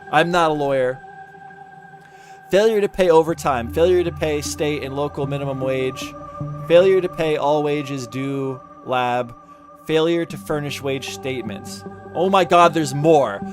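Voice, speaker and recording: A man giving casual reaction commentary, reading out legal text with exasperation, stumbling and swearing. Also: a little high. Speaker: commentary YouTuber. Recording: music playing behind the voice.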